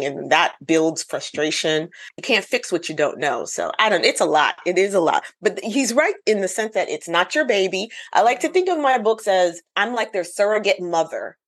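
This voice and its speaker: A middle-aged woman author speaking thoughtfully and earnestly in a casual interview, laughing easily. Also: low voice. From United States. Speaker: author guest.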